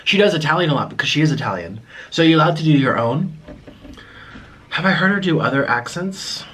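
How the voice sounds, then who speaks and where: In casual eating-video chat, this young mukbang vlogger rambles, restarts often, and tosses in asides. He sounds a little high, animated, fairly quick, and fairly bright.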